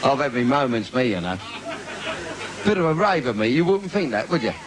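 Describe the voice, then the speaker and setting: On a noisy 1980s live video, a stand-up comedian with a London accent works a theatre crowd with bawdy material, cheeky banter, and laughter at his own gags. He talks a little fast in a mid-range voice that swings widely in pitch.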